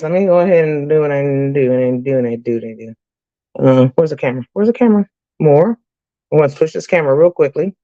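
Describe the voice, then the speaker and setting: A cooking vlogger chats with her live-stream viewers from her home kitchen as she cooks, addressing them as y'all. Her voice is low and slightly mellow, and the audio sounds dull.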